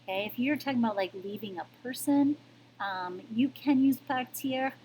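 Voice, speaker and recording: A woman's voice: a little high, moderate pace, a little mellow, a little hiss or hum, low-quality recording. A woman teaching a French grammar lesson, explaining patiently step by step and often checking in with "okay?". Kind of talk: recorded classroom lesson.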